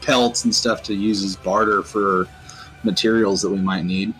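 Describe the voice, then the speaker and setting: A man's voice: lowish voice, fairly even intonation, normal speed, a bit bright, low-quality recording. A man playing in a tabletop role-playing game over a voice call, rambling with lots of filler words, with faint music in the background. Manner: rambling, many fillers like "like" and "stuff". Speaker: player.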